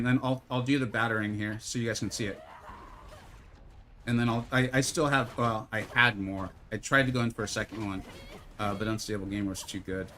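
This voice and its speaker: A man's voice: medium pitch, a bit bright, a little hiss or hum. Chatty man streaming a game live. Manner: chatty, self-deprecating, bursts into mock infomercial hype. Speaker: gaming streamer.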